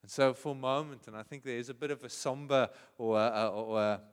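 A male pastor with a South African accent preaching a sermon, swinging from hushed, prayerful tones to loud, passionate cries. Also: mid-range voice, a little fast, clear, resonant tone, big-room sound.

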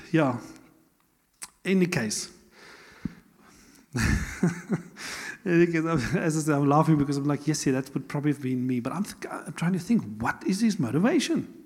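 A man preaching in a conversational, animated way, tossing in rhetorical questions and laughs. His voice is fairly high and a little husky. The sermon rings out with the long reverb of a church hall. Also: normal speed, long pauses. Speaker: pastor.

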